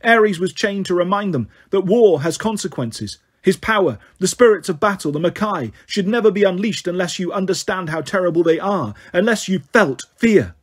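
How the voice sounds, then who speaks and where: A man's voice: high voice, lively intonation, normal speed, hardly any pauses, husky. A man reading aloud, voicing a brave teenage girl who speaks soothingly and firmly. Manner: soothing, firm.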